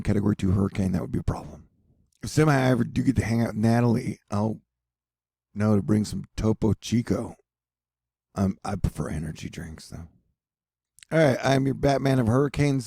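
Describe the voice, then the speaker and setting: Weather vlogger, man, gravelly, dark-toned, jokey and rambling, dry close sound. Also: medium pitch, no echo. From United States. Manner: joking, rambling, affectionate toward viewers. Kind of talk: casual weather update monologue.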